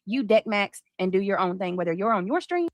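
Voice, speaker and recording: Woman streamer, blunt and sarcastic, dry close mic, mid pitch, ready to argue. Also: sing-song, fairly quick, dry recording. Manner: blunt, sarcastic, swears freely. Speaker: livestreamer. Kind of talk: heated livestream argument.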